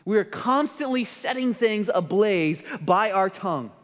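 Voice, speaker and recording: A man's voice: sits high, expressive, unhurried. A man from the Midwest, preaching a sermon as pastor and often asking the congregation questions. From American Midwest. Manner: emphatic, asks the congregation questions. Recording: long reverb of a large hall.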